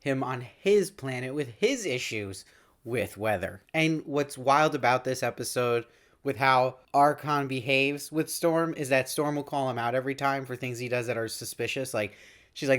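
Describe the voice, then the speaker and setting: Man, host voice, casual episode recap, eager and chatty, mid-pitched. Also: fairly bright tone. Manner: enthusiastic, retells lines with quick paraphrased quotes. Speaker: show host reviewing episodes.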